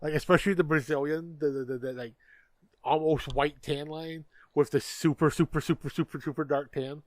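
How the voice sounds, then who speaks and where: Male podcast co-host, blunt and profane, slightly high voice, dry close sound. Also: fairly even intonation, fairly quick, no echo. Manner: blunt, profane, stammers on restarts. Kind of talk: casual political chat.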